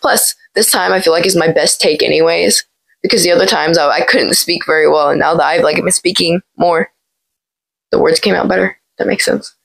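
A young woman talking casually through a phone tutorial, hoarse from being sick, chatty and rambling with lots of fillers. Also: on the low side, a little fast, fairly bright tone, low-quality recording. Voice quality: gravelly. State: hoarse from illness. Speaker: tech video creator. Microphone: small plug-in microphone.

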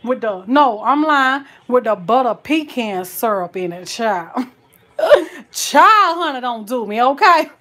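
Lively high-voiced woman showing off dinner. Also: a little slow. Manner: animated, exclaims "child, honey" often. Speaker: cooking vlogger. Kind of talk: casual chat to viewers.

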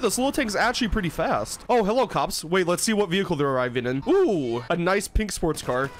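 Young man, high voice, lively swings in pitch, gaming commentary, excitable, swears a lot. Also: normal speed, slight background noise. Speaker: gaming YouTuber. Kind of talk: let's-play commentary.

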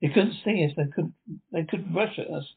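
A man's voice: on the high side, a little fast, creaky, slightly rough. A man reading the part of a lighthouse keeper as he recalls the rat siege, with plain delivery and frequent restarts. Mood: uneasy recollection. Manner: reads lines plainly with restarts. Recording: tinny phone-like sound.

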